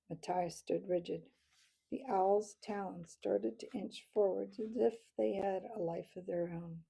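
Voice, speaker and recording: A woman narrating a storybook chapter in a measured, steady reading voice. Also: medium pitch, creaky, slightly rough. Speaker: audiobook reader.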